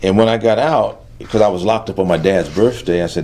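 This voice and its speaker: A middle-aged man giving a personal testimony in an interview, earnest and halting, dropping quiet at the heavy moments. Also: lowish voice, slight background noise. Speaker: interview guest.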